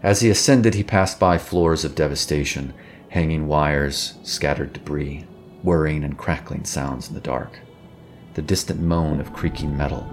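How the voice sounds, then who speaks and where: A man reading a suspenseful story as a narrator, measured and even. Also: rumbling low. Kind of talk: scripted narration.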